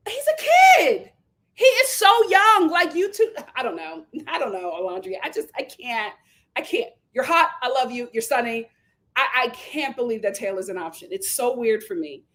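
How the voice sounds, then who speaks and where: Brief: young woman, high voice, sassy recap host, lots of slang and energy. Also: moderate pace. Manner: animated, sassy and slangy, jumps into mimicking the cast. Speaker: reality show recap host. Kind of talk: live casual recap commentary.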